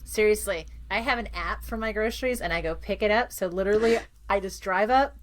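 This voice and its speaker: A woman's voice: medium pitch, brisk. A woman in Texas co-hosting a podcast, telling everyday stories and acting out the small dialogues in them. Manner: animated storyteller, acts out little dialogues. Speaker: podcast co-host. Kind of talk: casual chat.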